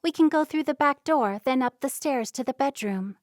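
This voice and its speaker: A woman voicing a caring young woman in an audiobook story, speaking in a gentle, reassuring way. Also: sits high, lively intonation, moderate pace, no room sound, studio quality, voice pushed up.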